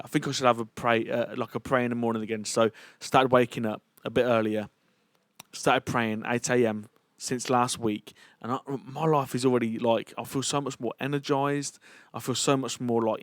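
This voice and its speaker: A man's voice: mid-range voice, dry recording. Earnest man telling a story. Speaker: church leader. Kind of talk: personal testimony talk.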